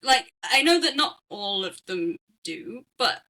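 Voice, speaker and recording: A woman's voice: a little high, very animated, measured pace, pushed and bright, rough recording. A woman with an English accent co-hosting a film podcast, talking bluntly and casually with plenty of swearing. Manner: blunt and outspoken, swears freely. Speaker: podcast co-host. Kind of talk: casual chat.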